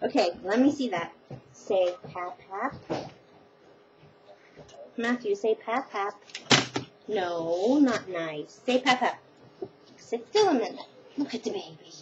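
A woman's voice: medium pitch, animated, slow pace, long pauses. An older woman, a grandmother at home, coaxing her little grandchildren to talk for a casual home video in a sing-song way. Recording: dull lo-fi home video with noise.

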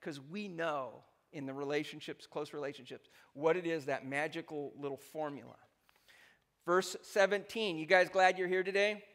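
A man preaching a sermon as pastor, animated and joking, tossing "right?" back to the congregation again and again. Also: a little high, moderate pace. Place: church sanctuary.

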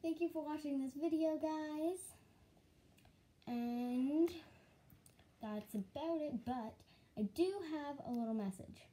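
A woman's voice: sits high, slow pace, pauses often, warm tone. A woman hosting a casual vlog, talking chattily and directly to her viewers. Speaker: channel host.

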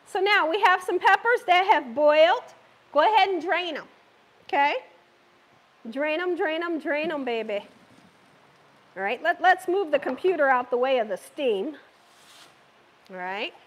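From the Southern United States, a woman hosts a live cooking stream in her home kitchen, her high, fairly bright voice animated and at normal speed. She's recovering from an illness, chats with viewers, reads their comments, and laughs often.

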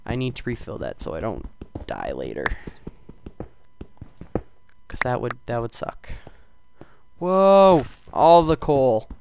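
A teenage boy casually commentating his own gameplay, rambling and self-deprecating, with sudden loud outbursts. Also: on the low side, wildly swooping pitch, a little slow, creaky, long pauses, a little hiss or hum. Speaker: gaming channel host.

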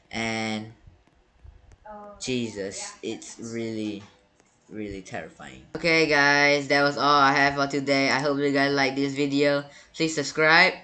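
With a medium-pitched, bright, and forceful voice, a gaming YouTuber delivers gameplay commentary in a panicky, stammering rush, repeating the same words repeatedly.

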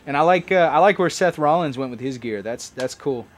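A man's voice: a little high, animated, fairly quick. A man giving casual, rambling commentary as he plays a game, chatting like a longtime fan. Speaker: let's play host.

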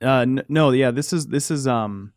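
A man takes part in a relaxed panel talk, explaining things in a halting way, stopping and starting as he gathers his thoughts. His voice is mid-pitched and sounds dry and close on a studio microphone. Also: dry recording. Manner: hesitant, many fillers and restarts while explaining. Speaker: guest panelist. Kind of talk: casual group discussion.

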